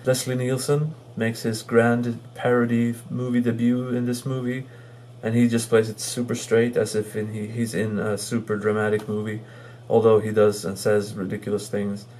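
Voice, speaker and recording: A man giving a casual spoken review of a favorite comedy film, halting and full of fillers and restarts, amused and chuckling as he recounts the jokes. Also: mid-range voice, completely flat delivery, darkish tone, slight background noise. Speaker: movie reviewer.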